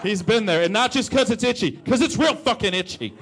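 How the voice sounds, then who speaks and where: A man's voice: high-pitched, lively intonation, fairly quick, fairly bright tone, some chatter behind. A man doing a crude, playful stand-up comedy set. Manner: crude, playful, swooping delivery.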